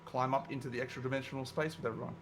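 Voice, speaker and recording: A man's voice: medium pitch, fairly even intonation, very fast, a little hiss or hum. A man playing in a tabletop game, eager and stammering as he explains his moves. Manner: eager, stammering restarts, laughing. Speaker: player. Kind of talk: casual tabletop play.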